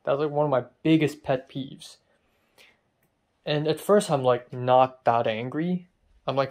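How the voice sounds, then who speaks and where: A man's voice: mid-range voice, a little slow, a little mellow. A young man talking straight to camera in a casual vlog, ranting with frustration and swearing freely. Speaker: vlogger.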